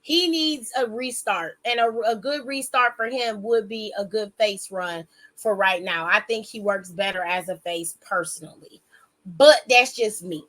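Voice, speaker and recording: Speaking at a medium pitch, this woman talks through a wrestling show with lively energy. She swears without restraint and keeps breaking off her own account for quick side comments.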